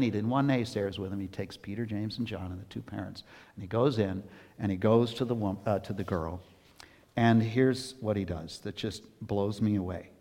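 A male pastor giving a conversational sermon that swings between hushed asides and emphatic bursts. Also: medium pitch, in a large hall.

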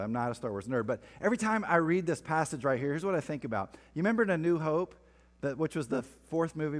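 A man preaching a sermon, reading scripture and breaking off for playful asides. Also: a little high. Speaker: pastor. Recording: long reverb of a large hall.

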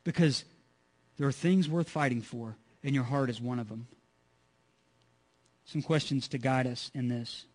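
A man's voice: mid-range voice, measured pace, long pauses, darkish tone. A man preaching a sermon as pastor, earnest and repetitive, asking his listeners rhetorical questions.

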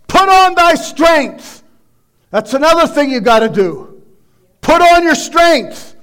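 A man preaching a sermon, loud and emphatic, shouting exhortations and dropping into quiet asides. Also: very high-pitched, lively intonation, measured pace. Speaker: pastor.

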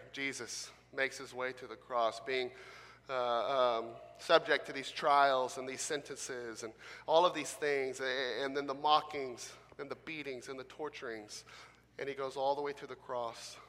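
Bright-voiced pastor preaching in a reverberant hall. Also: male voice, mid-range voice, unhurried. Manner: animated, swings between loud emphasis and quiet gentle delivery. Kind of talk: sermon.

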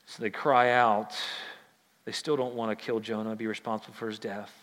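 A man preaching a sermon as pastor, swinging between loud, fast bursts and low, quiet stretches. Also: long reverb tail. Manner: animated preaching, surging loud and high then dropping low.

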